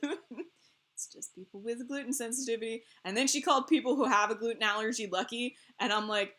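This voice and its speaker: A woman co-hosting a game stream, chatting casually in a rambling, animated way and laughing often between phrases. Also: on the high side, fast. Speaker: stream co-host.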